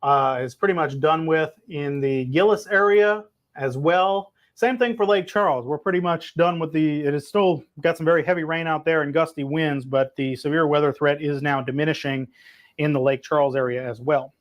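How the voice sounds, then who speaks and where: A slightly hoarse man, a meteorologist, giving a relaxed, conversational live weather briefing and answering viewer reports. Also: a little high, normal speed. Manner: relaxed, conversational, plenty of filler words. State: hoarse, losing his voice.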